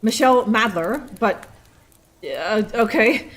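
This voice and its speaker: A woman with a fairly high, expressive, somewhat bright voice speaks slowly while live-streaming a detective game. In casual commentary she rambles and laughs, sounding out German words and cursing often.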